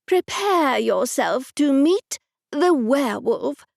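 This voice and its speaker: A woman's voice: high-pitched, big pitch swings, takes it slowly, creaky, darkish tone, dry recording, clean studio sound, voice pushed up, full character voice. A woman narrator voicing Aunt Agnes, a kindly, theatrical elderly witch in an audiobook. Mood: patient. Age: older. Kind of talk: audiobook character voice.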